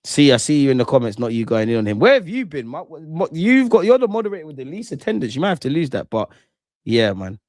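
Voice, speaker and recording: Give me an excitable young man in his own voice, trading banter with his chat during a live football match, in a dry, close recording. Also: on the high side, fast talker, no room sound. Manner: excitable, banter-heavy, trash-talking. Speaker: streamer hosting a football watch-along. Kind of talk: casual live commentary, chatting with viewers.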